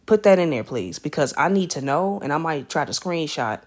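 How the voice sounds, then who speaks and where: A woman streaming live from her bed at home, greeting viewers by name in animated, slangy casual chat. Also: deep voice, fairly quick.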